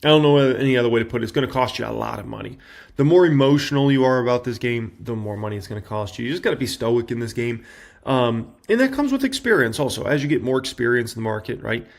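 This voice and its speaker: Man, 30s, gravelly voice, casual market commentary, loose conversational delivery. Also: medium pitch, lively intonation, fast. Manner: conversational, filler-heavy with tag questions. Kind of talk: casual talk to camera.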